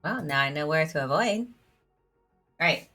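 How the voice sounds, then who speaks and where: A woman's voice: deep voice, expressive, unhurried, bright, forceful tone, faint music behind. A woman streaming a story game, reading its dialogue aloud in a chatty, giggly way, filling her talk with "like". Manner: giggly, chatty, fills speech with "like".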